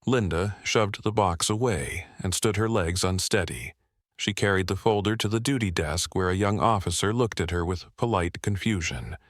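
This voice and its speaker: Man, true-crime narrator, very low pitch, steady measured reading, dry recording. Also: no echo.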